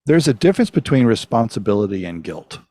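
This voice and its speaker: A man's voice: on the low side, sing-song, fast talker, warm tone, no room sound. A man who is a guest on an interview, explaining an idea in a confident, emphatic way. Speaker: guest, hypnotherapist. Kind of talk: conversational interview.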